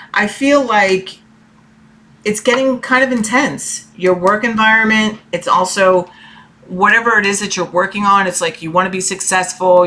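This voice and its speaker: A woman's voice: medium pitch, sharp tone, a little hiss or hum. A woman giving a casual tarot reading from her room, talking in a rambling, chatty way and often checking in with "okay?". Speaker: tarot reader.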